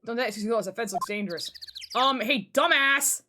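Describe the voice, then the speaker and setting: A woman's voice: medium pitch, fast, background noise. A woman streaming a blind game playthrough, blunt and joking, swearing at the characters on screen. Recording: loud game music underneath.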